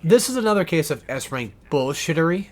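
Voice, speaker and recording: A man's voice: fairly high pitch, sing-song, fairly quick, a little mellow. Swearing, rambling let's play man. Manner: rambling, swears often, self-correcting. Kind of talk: casual gameplay commentary.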